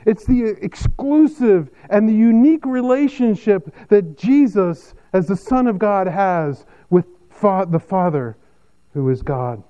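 Man preaching, dull lo-fi recording. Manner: measured expository preaching, lively pitch swings. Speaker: pastor. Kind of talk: sermon.

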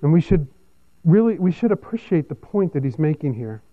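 A man preaching a sermon in a measured, expository way, with his pitch rising and falling often. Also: big pitch swings, phone-quality sound. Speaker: pastor.

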